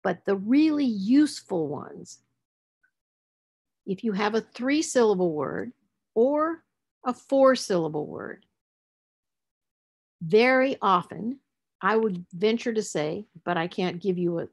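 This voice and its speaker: A woman teaching a literacy session, explaining word parts and spelling letters out as she goes. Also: mid-range voice. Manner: explanatory, spells out letters, stresses words for emphasis. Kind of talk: presenting a lecture on word structure.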